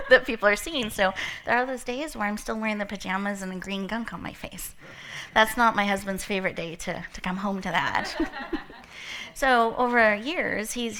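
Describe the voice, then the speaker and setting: A woman's voice: mid-range voice, a bit bright. A woman giving a playful, inspirational opening talk to a live audience, telling stories and laughing often. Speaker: motivational speaker opening an event.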